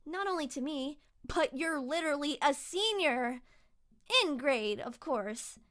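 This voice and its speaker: A clumsy, excitable schoolgirl heroine from a dating game, as a woman puts her on. The voice sits very high and bright, bubbly and dramatic, recorded close with a dry sound. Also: unhurried, dry recording. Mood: chatty. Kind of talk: reading an otome game aloud.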